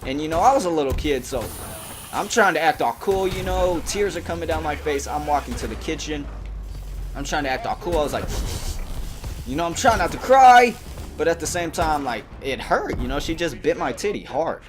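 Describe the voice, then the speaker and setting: A young man hosting a gaming channel, telling a rambling, animated story over gameplay with plenty of fillers. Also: fairly high pitch, brisk.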